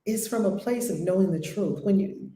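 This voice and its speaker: Woman, spiritual group leader; animated, emphatic storyteller; mid-pitched, echoey room. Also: moderate pace, a little hiss or hum. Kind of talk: conversational spiritual teaching.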